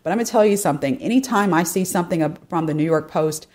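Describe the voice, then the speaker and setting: Low-voiced woman hosting a chatty commentary podcast. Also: fast talker, a little mellow. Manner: chatty, addresses listeners directly, frequent "you know" and asides. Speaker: podcast host. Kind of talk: opinion commentary podcast, reading and discussing a news story.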